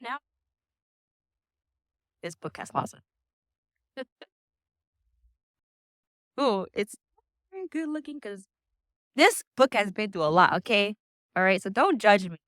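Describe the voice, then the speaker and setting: A woman's voice: mid-range voice, lively intonation, slow, pauses often, fairly bright tone, no echo, studio quality. A young woman talking casually to a camera on a stand, chatty, laughing often and restarting her sentences. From United States. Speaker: vlogger.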